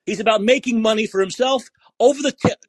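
A man hosting a podcast who rants angrily and curses, repeating himself for emphasis in a husky voice. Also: high-pitched, fast talker, no room sound. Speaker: podcast host. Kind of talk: angry political rant.

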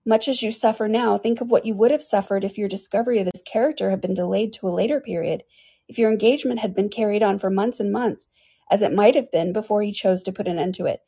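A measured, solemn young woman who urges her sister gently, read by a woman in an audiobook. Her voice is dark and husky, and the recording is dry. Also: mid-range voice. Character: calm, steady elder sister, Eleanor. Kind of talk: audiobook dialogue reading.

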